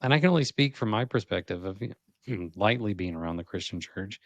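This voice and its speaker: A man co-hosting a spiritual podcast in relaxed conversation. His voice is fairly low and recorded dry and close, with no room sound. He jokes around and chuckles often. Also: a little fast, dry recording. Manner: joking, laid-back, chuckles often. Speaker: podcast co-host. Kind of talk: casual spiritual podcast chat.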